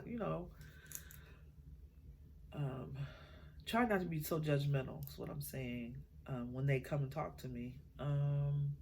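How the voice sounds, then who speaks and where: A middle-aged woman, a mother, talking from the heart about raising her children, halting often and getting tearful at times. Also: rumbling low, darkish tone, slight background noise. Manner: emotional, halting, many fillers. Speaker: mother sharing her story. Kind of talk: heartfelt personal talk.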